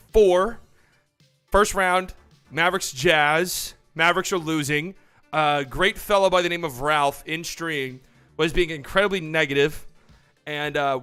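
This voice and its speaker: Bright-voiced excitable male stream host. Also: on the high side, clean tone. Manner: excitable and profane, acting out mock phone calls. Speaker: livestream host. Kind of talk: casual livestream commentary.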